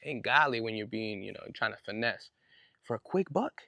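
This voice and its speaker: A man's voice: fairly low pitch, lively intonation, moderate pace, gravelly, sharp tone, no echo, studio quality. A man hosting his own podcast, telling a story in an indignant, fired-up way with casual slang. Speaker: podcast host. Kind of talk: solo podcast monologue.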